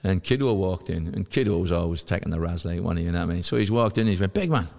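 A man in his fifties, a podcast guest telling lively anecdotes and acting out the voices of people he quotes. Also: deep voice, fast, creaky, long reverb tail. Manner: lively storyteller who acts out quoted voices. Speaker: podcast guest, former footballer.

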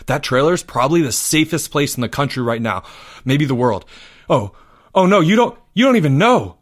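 A man voicing a panicked, breathless boy who stammers, whispers and rushes his words. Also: medium pitch, fairly bright tone, lightly acted. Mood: rushed, urgent.

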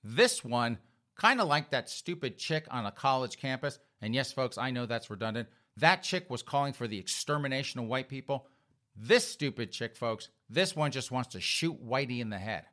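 A man's voice: medium pitch, expressive, normal speed, a bit bright. A man hosting an opinion commentary monologue, mocking and sarcastic, repeatedly addressing his listeners directly. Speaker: commentary host.

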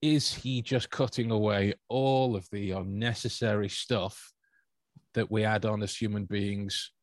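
A man with a somewhat low voice chats casually as a podcast host. He talks in halting bursts, often restarting his words and chuckling as he goes. The sound is close and dry, with no room around it. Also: fairly even intonation, no room sound.

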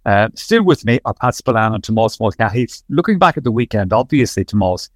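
A man with an Irish accent hosting a sports podcast, speaking in a measured, conversational way with many fillers. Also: fairly low pitch, expressive, dry recording. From Ireland. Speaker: podcast host.

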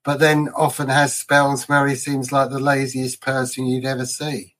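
A man of middle pitch co-hosting a casual football fan podcast. He talks in a loose, chatty way and drifts into anecdotes. His voice sits in an ordinary, unremarkable range. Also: monotone, normal speed, a bit bright. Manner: chatty storyteller, laughs at his own anecdotes. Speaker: podcast co-host.

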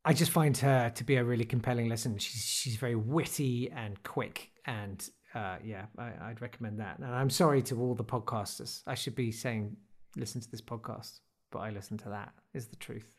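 A man in his forties tells stories in a loose, rambling way on a podcast. His voice sits in an ordinary middle pitch, and his delivery is casual and self-deprecating, full of dry throwaway jokes. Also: normal speed, few pauses. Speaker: podcast guest. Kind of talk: casual interview storytelling.

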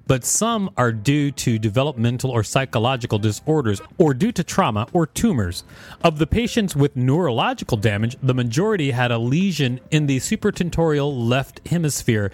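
A man co-hosting a podcast, taking turns reading a scripted explainer, with expressive asides. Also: mid-range voice. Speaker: podcast co-host.

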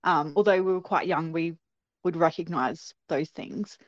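Woman, young adult, interview guest, animated storyteller, lowish voice, dry lo-fi sound. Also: unhurried, no echo. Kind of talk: recounting a personal experience.

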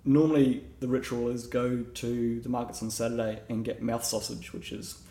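A man's voice: medium pitch, little pitch movement, normal speed, warm tone, echoey room. An Australian man, a knife maker, chatting casually on a podcast and rambling with many self-deprecating restarts.

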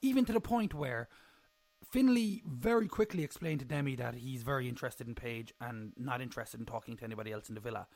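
A man's voice: mid-range voice, fast talker, a little mellow, no room sound. A young man, hosting a casual solo recap podcast in a rambling, jokey, self-mocking way. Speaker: podcast host.

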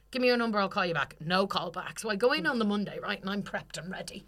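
Bright-voiced woman telling a story. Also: medium pitch, very fast, few pauses. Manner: animated, swears freely, acts out quoted people. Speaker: podcast co-host. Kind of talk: casual storytelling chat.

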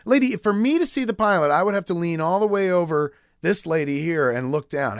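Brief: male guest, swaggering profane anecdote teller, very expressive, dry garage-studio mic. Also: a little high, brisk, no room sound. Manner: profane, animated storyteller mimicking others. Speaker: podcast guest, filmmaker. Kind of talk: casual storytelling chat.

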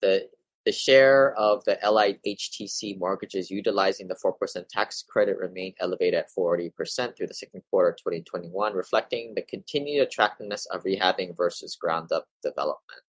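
A man's voice: deep voice, a little fast, no room sound, low-quality recording. A man hosting a real estate investing show, reading from articles and adding casual opinions, with some stumbles. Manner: reads passages then adds offhand opinions, some stumbles.

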